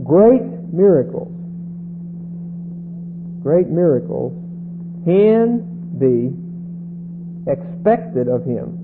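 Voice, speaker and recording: A man teaches scripture slowly and deliberately, often pausing to check in with his listeners. His voice sits fairly high. It comes through a tinny, phone-like line with a faint hum. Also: sing-song. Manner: deliberate, repeats "okay?" checks. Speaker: Bible teacher.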